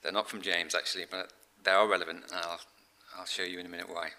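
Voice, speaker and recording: Middle-aged man, preacher, sermon, very bright sharp tone, chatty storytelling with throat-clearing. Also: low voice, flat delivery, fast. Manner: conversational storytelling, frequent fillers and throat-clearing.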